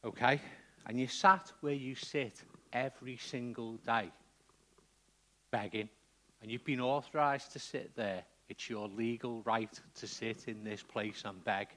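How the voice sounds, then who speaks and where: A man's voice: mid-range voice, unhurried, pushed and bright. A man preaching a sermon in a conversational way, often checking in with the congregation.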